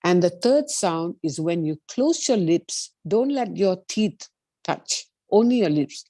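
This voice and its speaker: Low mellow woman teaching meditation. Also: animated, slow, no room sound. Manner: gentle instructive, sings sustained vowel tones. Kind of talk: online meditation lesson with sung demonstrations.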